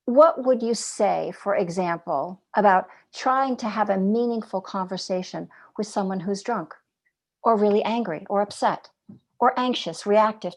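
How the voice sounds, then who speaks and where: Speaking in a mid-range voice, a meditation teacher gives a reflective dharma talk. She stays gentle and measured throughout, asking rhetorical questions and letting some phrases fade to near whispers.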